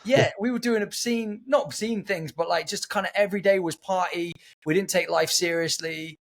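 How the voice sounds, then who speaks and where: A man hosting a casual podcast chat, an animated and chatty storyteller. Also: high voice, normal speed. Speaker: podcast host.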